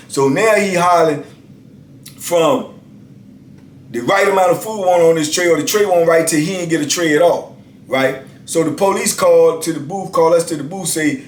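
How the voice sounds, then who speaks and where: A man in his fifties telling a story casually, animated and emphatic, often checking in with the listener. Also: fairly high pitch, normal speed, a little hiss or hum. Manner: animated, emphatic, repeats "you know what I'm saying". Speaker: storyteller host. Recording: roomy echo.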